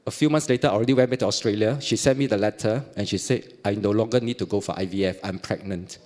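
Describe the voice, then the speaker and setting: A man's voice: fairly low pitch, fast talker. A middle-aged man from Singapore with a Singaporean accent, giving a personal testimony at church and acting out the dialogue as he tells it. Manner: animated storytelling, acting out dialogue, frequent laughs.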